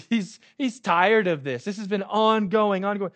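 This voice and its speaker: A man's voice: high-pitched, unhurried, fairly bright tone. A man preaching a sermon as pastor, conversational and often checking in with "right?".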